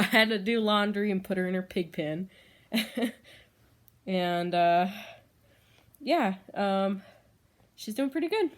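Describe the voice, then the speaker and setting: A woman's voice: medium pitch, expressive, takes it slowly, long pauses. A woman chatting casually in a home vlog, rambling with lots of fillers and frequent laughs. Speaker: vlogger. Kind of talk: casual chat.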